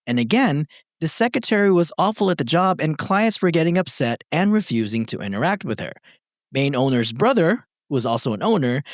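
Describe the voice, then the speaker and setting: An animated young man co-hosting a podcast, his voice slightly high and full of swooping pitch. He reads a story aloud in a dry, close recording, then slips into loose, joking banter with friends. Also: no echo. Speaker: podcast co-host reading stories. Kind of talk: reading aloud and casual chat.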